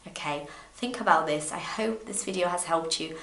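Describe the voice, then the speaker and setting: A woman's voice: lowish voice, normal speed, a little hiss or hum. Chatty woman teaching English. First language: Portuguese. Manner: chatty, animated, repeats words when restarting. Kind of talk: casual video lesson. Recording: echoey room.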